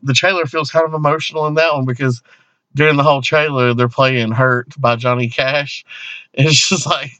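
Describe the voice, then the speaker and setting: A man's voice: mid-range voice, fairly even intonation, moderate pace, bright, forceful tone, dry recording, lo-fi sound. A man co-hosting a casual comedy podcast, rambling with lots of fillers and laughing often. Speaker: podcast co-host.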